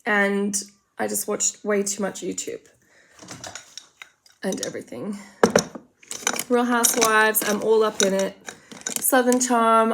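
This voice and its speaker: A woman's voice: on the high side, background noise. An Australian woman chatting casually and rambling through a makeup tutorial, full of gossipy asides. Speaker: makeup vlogger.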